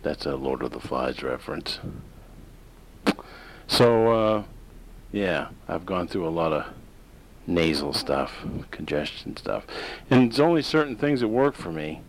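Deep-voiced rambling talk radio host. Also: male voice, big pitch swings, unhurried, pauses often, poor audio. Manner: rambling and opinionated, many fillers and restarts. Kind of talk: casual talk radio monologue.

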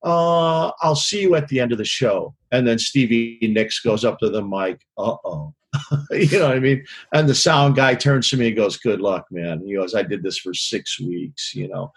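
Husky-voiced man telling frank road stories. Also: medium pitch. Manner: rambling, frank, swears, keeps asking "you know what I mean?". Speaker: touring concert lighting director. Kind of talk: casual interview storytelling.

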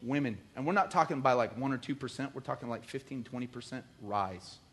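A middle-aged man preaching a sermon, animated and joking, with rising emphatic bursts. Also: medium pitch, brisk. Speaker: pastor.

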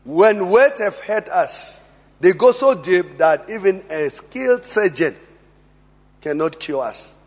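South African male pastor, high voice, emphatic sermon, long church-hall reverb. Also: big pitch swings, takes it slowly. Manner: emphatic, swings between soft asides and loud bursts.

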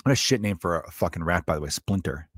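A man's voice: low voice, expressive, fast, a bit bright, dry recording, clean studio sound. A man in his thirties hosting a comedy podcast, telling a loose, profane, jokey story.

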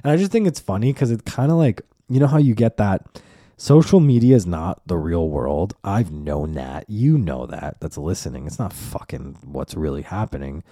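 A man with a low, deep-toned voice that sounds soft and dark, hosting his own show. He rambles through a loose, profane monologue, swearing freely, all in a close, dry recording. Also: lively intonation, moderate pace, no echo. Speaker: podcast host. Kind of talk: casual solo monologue.

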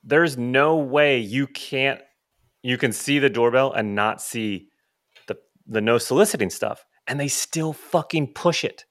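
A man's voice: mid-range voice, unhurried. A man co-hosting a casual chat, tossing in sarcastic quips and grumbling with profanity. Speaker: podcast co-host.

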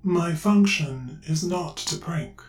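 Calm, formal storybook dragon, a woman doing the voice. Resonant, unhurried, set back from the mic. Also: on the low side, voice pushed down. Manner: measured, formal, calming. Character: calm, polite dragon that is a quantum computer. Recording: roomy echo, distant mic, faint music.

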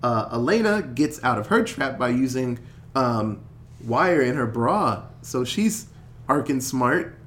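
A man hosting a casual podcast chat, recapping a film in an animated way, swearing and acting out the characters' lines. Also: medium pitch, takes it slowly.

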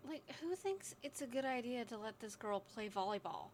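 A young woman co-hosting a podcast, telling stories in animated casual chat with frequent laughter and swearing. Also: on the high side, normal speed, a little hiss or hum. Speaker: podcast co-host. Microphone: podcast microphone.

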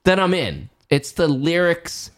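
Male podcast co-host, animated pitch, rambling questions, casual chat. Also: measured pace. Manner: rambling, circles back with questions.

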